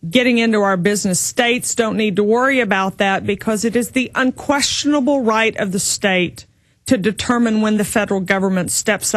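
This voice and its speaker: A woman's voice: mid-range voice, dry recording. A woman political candidate from Texas answering interview questions in an assertive, speech-like manner.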